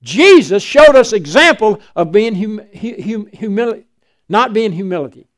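Older man, preacher, high-pitched voice, loud emphatic sermon. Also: lively intonation, normal speed. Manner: swings from loud emphatic preaching to quiet storytelling.

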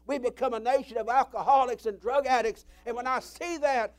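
Impassioned high-voiced male preacher. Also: fairly quick, hardly any pauses. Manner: impassioned, swings from loud cries to low murmurs. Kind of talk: sermon.

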